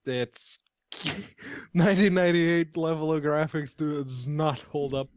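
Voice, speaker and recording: A man's voice: fairly high pitch, fairly even intonation, takes it slowly, dry recording, studio quality. A man co-hosting a game review podcast in casual chat, easygoing and enthusiastic, laughing often. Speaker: podcast co-host reviewing games.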